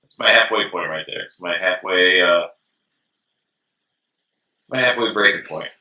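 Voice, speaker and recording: A man's voice: sits low, a little slow, distant mic. A man co-hosting a comedic beer tasting show, bantering and cracking jokes in casual chat. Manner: joking, animated banter. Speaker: co-host of a beer tasting web series. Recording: echoey room, voice away from the mic.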